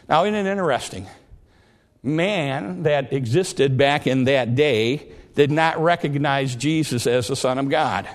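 A man's voice: medium pitch, unhurried, big-room sound. A man preaching a sermon in an earnest, plain way, often repeating and restarting his words.

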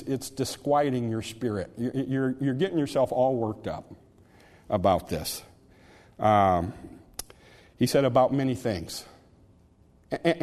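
A man's voice: mid-range voice, warm tone, long reverb tail. A man preaching a sermon in an earnest, conversational way, often restarting his words.

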